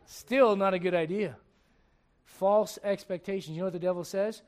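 A man preaching a sermon in church, humorous and animated, dropping to quiet asides and rising to shouts. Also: sits high, moderate pace. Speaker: pastor.

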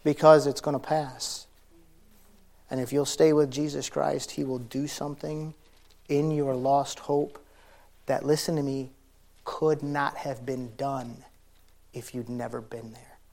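A middle-aged man preaching a sermon as pastor, conversational, swinging between loud emphasis and quiet intensity, laughing easily. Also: mid-range voice, level tone, measured pace, gravelly, long pauses.

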